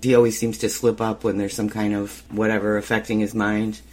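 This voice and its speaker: A man's voice: on the low side, flat delivery, fairly quick. A man hosting a podcast, chatting casually through an episode recap and laughing easily. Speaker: podcast host.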